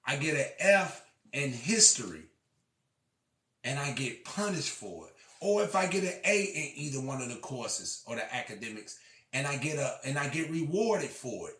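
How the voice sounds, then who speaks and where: A man's voice: medium pitch, lively intonation, normal speed. Impassioned man, echoey and far off. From Illinois. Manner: impassioned, swings from shouting to quiet; profane, repeats himself. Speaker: storyteller. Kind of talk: preaching monologue. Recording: echoey room, far from mic.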